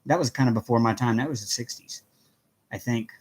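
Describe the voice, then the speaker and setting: A man's voice: medium pitch, a little fast, breathy edge. A middle-aged man hosting a casual craft livestream from home, chatting with viewers, greeting them by name and laughing often. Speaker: livestream host.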